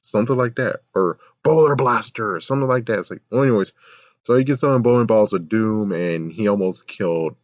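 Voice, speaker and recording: A man's voice: deep voice, no room sound, lo-fi sound. A man ranting casually and with exasperation in a show review, rambling and swearing often. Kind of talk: casual video review rant.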